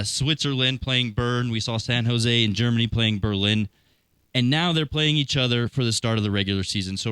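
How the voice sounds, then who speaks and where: A man's voice: medium pitch, sharp tone, clear, resonant tone, no room sound. A man hosting a sports talk show, chatting in an upbeat, chatty way. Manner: upbeat, chatty and fast-moving. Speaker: host.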